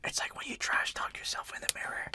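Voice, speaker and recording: A young man co-hosting a podcast in whispered ASMR chat, rambling and self-deprecating, laughing often. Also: fast talker. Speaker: podcast co-host.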